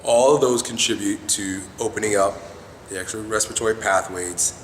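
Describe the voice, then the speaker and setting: Brash male self-help vlogger, mid-pitched, swears freely; roomy echo, light background hiss. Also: fairly even intonation, fairly quick. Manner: blunt, profane, keeps asking "right?". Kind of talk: casual coaching monologue. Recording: echoey room with faint noise.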